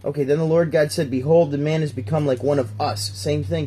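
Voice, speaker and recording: A man's voice: medium pitch, brisk, few pauses, warm tone, breathy edge. A man hosting a casual talk, reading Bible verses aloud and joking about them as he goes. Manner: jokey, talks while flipping through pages. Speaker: podcast host reading scripture.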